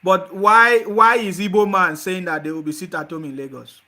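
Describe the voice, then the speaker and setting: A man's voice: high voice, steady tone, normal speed, sharp tone. A man with a Nigerian accent hosting a call-in show, blunt and combative with callers. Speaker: host.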